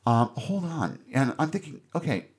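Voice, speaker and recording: A man's voice: mid-range voice, big pitch swings, moderate pace, breathy edge. A man hosting a podcast, recapping a film in casual, sarcastic and irreverent commentary.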